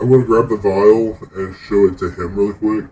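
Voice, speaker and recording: A man's voice: fairly low pitch, fairly even intonation, fairly quick, warm tone, distant mic. A man playing his character in an online tabletop game, talking animatedly and playfully. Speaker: player. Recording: roomy mic set back from the speaker.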